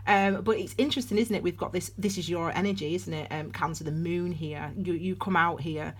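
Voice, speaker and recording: A woman's voice: fairly low pitch, steady tone, fairly quick, slight background noise. A woman giving a casual tarot and astrology reading, rambling and chatty with many restarts, calling her viewers darlings. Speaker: tarot reader.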